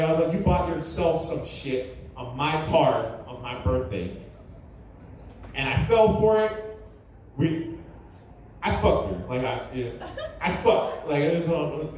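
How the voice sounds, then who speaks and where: A man performing a crude, rambling stand-up comedy set on a club stage, with audience laughter behind him. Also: sits high. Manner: crude, rambling, filler-heavy. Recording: echoey room, mic from far.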